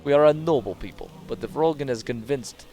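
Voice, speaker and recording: A man's voice: mid-range voice, fairly quick, warm tone, faint music behind, pitched above the performer's own voice, lightly acted. A man voicing a proud, worried tribal wife in a video game, reading her lines plainly and earnestly in his own voice.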